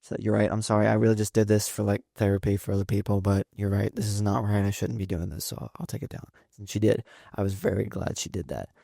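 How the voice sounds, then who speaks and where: Here the host's son, a young man in his late teens, talks fast with few pauses while telling meandering stories riddled with fillers and restarts. His voice is fairly low, mellow and steady, with vocal fry. It's a dry, clean studio recording of a casual storytelling chat.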